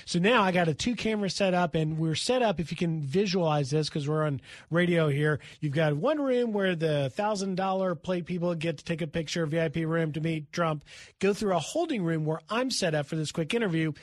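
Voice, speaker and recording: A man, a news correspondent, telling a brisk, lively anecdote as a guest on talk radio. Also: a little high, no echo, studio quality. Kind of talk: animated radio storytelling. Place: radio studio.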